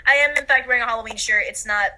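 Bright-voiced young woman podcast co-host. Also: on the high side, rapid-fire, low-quality recording. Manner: teasing, laughing, self-deprecating. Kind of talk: casual chat.

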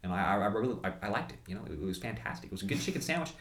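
Young man, casual food-review co-host, quick and rambly with a bright tone, recorded in an echoey room. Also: on the low side, animated. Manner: rambling, many fillers and restarts, laughs at himself.

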